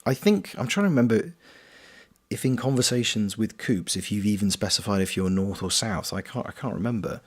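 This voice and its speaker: Lively, playful South Coast English man. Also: lowish voice, a little fast, slightly rough. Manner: playful, reads and answers chat. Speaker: streamer and voice actor. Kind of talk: casual gameplay commentary.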